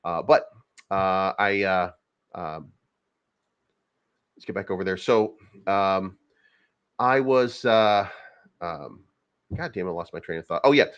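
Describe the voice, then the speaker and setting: A man's voice: sits low, slow, long pauses, a bit bright, clear, resonant tone, lo-fi sound. A man hosting a casual crypto livestream, rambling and profane, with many fillers and restarts. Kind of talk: casual livestream market commentary.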